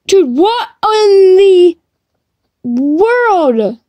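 Woman gamer, high and lively voice, dry close mic, slow puzzled commentary. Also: dry recording. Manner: excitable, shrieks and laughs when chased. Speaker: gamer streaming live play. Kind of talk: reactive gameplay commentary.

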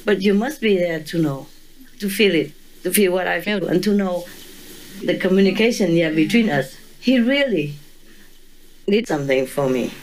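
A woman's voice: fairly low pitch, lively intonation, moderate pace, pauses often, a little mellow, a little hiss or hum, rough recording. A woman being interviewed who tells a story with animation, laughing often and acting out voices and sounds.

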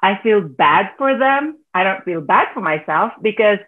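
A woman with a Filipino accent, a teacher speaking earnestly on a panel discussion, sometimes laughing softly as she talks. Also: mid-range voice, animated, normal speed. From Philippines. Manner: earnest, heartfelt, laughs softly while talking. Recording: tinny phone-like video call audio.

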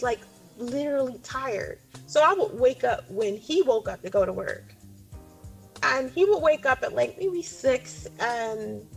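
Woman in her 40s, high voice, chatty rambling storyteller, faint music underneath. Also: vocal fry. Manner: rambling, filler-heavy retelling of a conversation. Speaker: storyteller in a clip. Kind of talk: casual storytelling.

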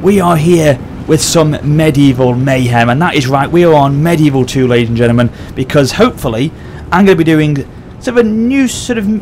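A man hosting a gaming channel, excitedly commentating a battle over gameplay and often addressing his audience. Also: on the high side, a little fast, few pauses, a little hiss or hum.

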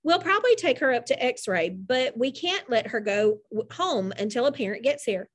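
A woman voicing a calm, businesslike hospital nurse in a storybook reading. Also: a little high, normal speed. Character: brisk adult hospital nurse, calm and practical.

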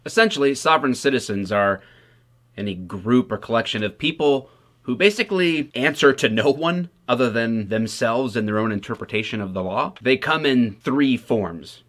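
A man's voice: medium pitch, lively intonation, normal speed, fairly bright tone. A man from Michigan who works as a police officer, giving casual, wry commentary to the camera with sarcastic asides. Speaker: police officer, video host.

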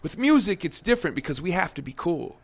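A man's voice: high voice, big pitch swings, fast talker. A man who is a musician guest on a casual interview, speaking thoughtfully in a home studio, often restarting and repeating words.

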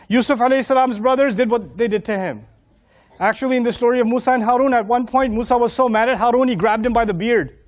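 A man gives a humorous sermon to a live audience, his voice pitched notably high for a man. He is animated, acting out little scenes of dialogue and laughing often. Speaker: preacher.

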